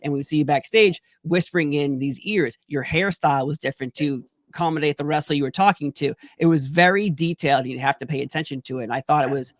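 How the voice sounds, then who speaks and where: A man's voice: on the high side, fast talker, few pauses, dry recording, clean studio sound. Eager man asking rambling questions. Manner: enthusiastic, long rambling questions with many fillers. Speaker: interviewer. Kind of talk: casual sit-down interview.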